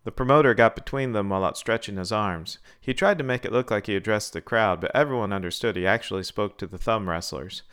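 Smooth low-voiced male narrator. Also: fast talker, few pauses, fairly bright tone. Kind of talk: scripted story narration.

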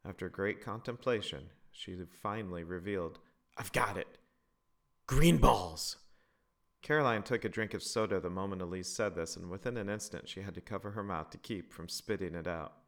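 A man narrating a family story in a lively, expressive reading. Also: deep voice, brisk, hardly any pauses.

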